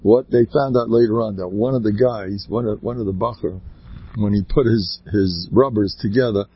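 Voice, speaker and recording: A man giving an informal inspirational talk full of stories, with an animated delivery that swoops up high and then drops to quiet asides. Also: moderate pace, slightly rough. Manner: animated, swooping pitch, sudden quiet drops, laughs between points. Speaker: inspirational speaker. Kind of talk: informal Jewish ethical talk with storytelling. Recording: dull lo-fi dry recording.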